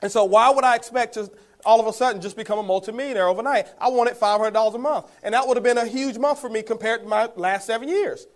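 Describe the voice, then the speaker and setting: A network marketing speaker with a very high-pitched voice talks fast during a motivational talk. He tells the audience his story, calling them guys and chuckling along the way.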